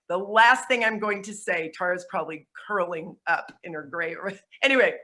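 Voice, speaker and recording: Bright, gushing woman on a home video call. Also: a little high, low-quality recording. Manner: energetic, gushing, laughs often. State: sweaty. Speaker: network marketing presenter. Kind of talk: motivational webinar talk.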